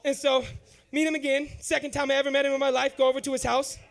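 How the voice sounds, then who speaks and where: A male comedian with a very high voice tells a profane, rambling story at an open mic. He talks fast and keeps checking in with the crowd. It sounds like a handheld mic on a comedy club stage. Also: flat delivery, creaky. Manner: rambling, profane, repeats "you know what I'm saying".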